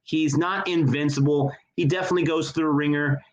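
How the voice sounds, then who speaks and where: A man's voice: fairly high pitch, fairly even intonation, fairly quick, low-quality recording. Enthusiastic man gushing about a film. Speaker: co-host of a movie review show. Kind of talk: casual review chat. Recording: connection issues on the audio.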